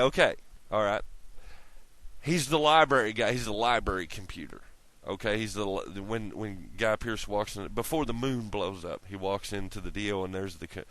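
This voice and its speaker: A man's voice: lowish voice, fairly bright tone, dry recording. A man rambling through a casual monologue to his camera, swearing often, laughing at his own jokes and jumping from tangent to tangent. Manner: profane, laughing, jumps between tangents. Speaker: vlogger.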